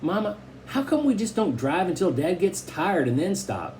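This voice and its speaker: A man's voice: sits high, sing-song, moderate pace, darkish tone, a little hiss or hum, voice pushed up. A man voicing a curious young boy asking his parents questions.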